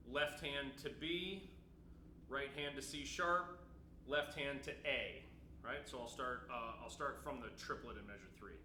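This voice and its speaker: This male timpani teacher's voice sits on the high side, bright and forceful. He plays and patiently explains technique, asking his students "right?" again and again, in a room with timpani where the sound echoes and a little noise creeps in.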